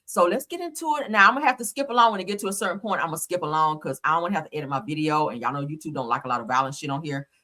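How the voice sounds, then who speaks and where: A woman's voice: sits low, lively intonation, rapid-fire, hardly any pauses. Laughing, profane woman gossip host. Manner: loud, laughing, profane, talks straight to viewers. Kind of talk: casual gossip commentary.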